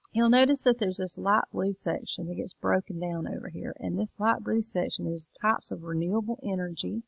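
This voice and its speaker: A woman's voice: fairly low pitch, vocal fry, dry recording, muffled recording. A woman teacher walking students through a lesson late in the evening, tired and yawning. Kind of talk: recorded lesson walkthrough.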